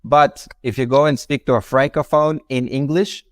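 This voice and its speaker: A man speaking as a guest in a casual chat, explaining things in a relaxed way with plenty of "you know" and "like". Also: mid-range voice, moderate pace, no room sound, studio quality.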